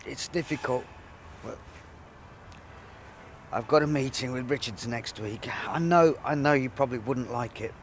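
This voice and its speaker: An actor playing a young Englishman who talks haltingly and tearfully to a lost friend, sighing between phrases. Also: mid-range voice, slight background noise, lightly acted. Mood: grieving, scared. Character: grieving young man talking to a dead friend.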